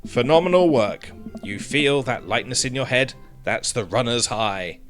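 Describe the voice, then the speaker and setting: Sex: male played by a man. Figure: an upbeat, sporty dad in a dating game who coaches and teases his jogging partner. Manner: cheery, lively intonation. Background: faint music. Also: medium pitch, measured pace. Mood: coaching.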